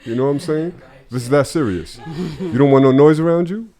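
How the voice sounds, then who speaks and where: A man's voice: a little high, fairly quick, mellow. A man co-hosting a podcast, talking bluntly and animatedly and swearing freely. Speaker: podcast co-host. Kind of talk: casual podcast chat.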